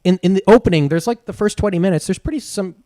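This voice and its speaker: A man's voice: high-pitched, quick pace, warm tone, dry recording, studio quality. A man co-hosting a podcast, explaining his theories about films in a laid-back, casual way. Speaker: podcast co-host. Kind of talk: casual movie review chat.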